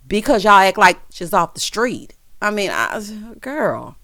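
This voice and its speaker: A woman's voice: mid-range voice, moderate pace, vocal fry, few pauses, no room sound, studio quality. A woman gives a sassy, playful recap of a reality show, mimicking the cast as she tells it. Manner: sassy, playful, animated storytelling with mimicked quotes. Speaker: recap vlogger.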